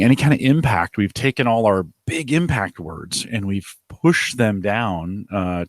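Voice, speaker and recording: A man in casual podcast chat, his voice sitting a little low. He rambles and restarts his sentences, recorded close and dry with no room sound. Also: dry recording. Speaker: podcast co-host.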